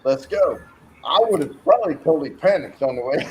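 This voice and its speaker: A man's voice: a little high, low-quality recording. A man telling rambling, profane stories in a casual chat and acting out the voices in them. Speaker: co-host.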